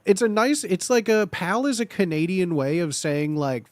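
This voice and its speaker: Host: man, casual streamer, high lively voice, playful riffs, dry close mic. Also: normal speed, few pauses, no echo. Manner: animated, playful, repeats phrases in put-on tough-guy voices. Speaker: streamer ranking phrases.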